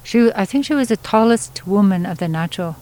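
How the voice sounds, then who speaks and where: A woman storyteller from Yukon, Canada, telling a traditional story in an unhurried, conversational way with pauses and asides. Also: mid-range voice, animated, warm tone, rough recording. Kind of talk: oral storytelling.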